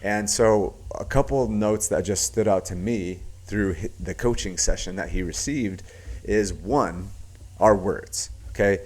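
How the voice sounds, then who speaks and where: Low-voiced young guy musing on camera, lots of likes and fillers, acts out quotes. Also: unhurried, darkish tone, breathy edge. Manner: reflective, heavy use of filler words, acts out quoted voices. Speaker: podcast host and business commentator. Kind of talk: casual commentary to camera.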